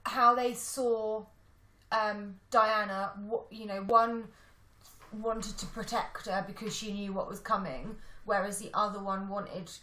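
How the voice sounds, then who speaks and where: A woman's voice: medium pitch, steady tone, measured pace, sharp tone. A woman chatting casually about films as a podcast co-host, thinking aloud and apologising for rambling. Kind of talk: casual film chat. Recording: echoey room.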